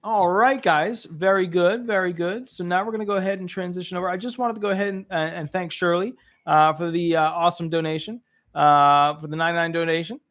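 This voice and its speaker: A man's voice: high voice, steady tone, brisk, a bit bright. A man hosting a live call-in legal advice show, chatty and upbeat, with lots of fillers.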